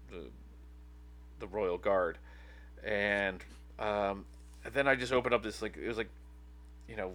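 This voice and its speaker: This podcast co-host, a man in his thirties, has a lowish, sharp-toned voice. He chats casually and rambles, with many fillers and restarts.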